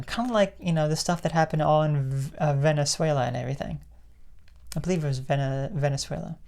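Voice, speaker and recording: A woman giving her opinions in a casual vlog. She rambles, restarts her sentences often and laughs to herself. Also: sits low. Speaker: political commentary vlogger.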